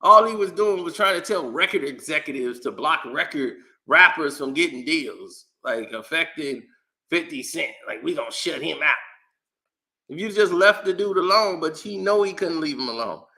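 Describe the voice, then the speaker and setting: Bright-voiced man ranting animatedly. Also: on the high side, normal speed. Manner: animated, exasperated ranting with laughs and slang. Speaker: commentary channel host. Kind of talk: casual opinion rant.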